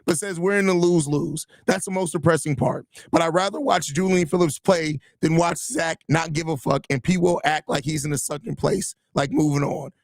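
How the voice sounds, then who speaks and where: A man hosts a sports podcast and rants with frustration and plenty of swearing, circling back to the same phrases. His voice sits fairly high and has a gravelly rasp. The recording is close and dry, with no room sound. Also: moderate pace, hardly any pauses, dry recording. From Chicago area. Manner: frustrated, profane ranting with repeated phrases. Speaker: podcast host. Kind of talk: live podcast reacting to chat.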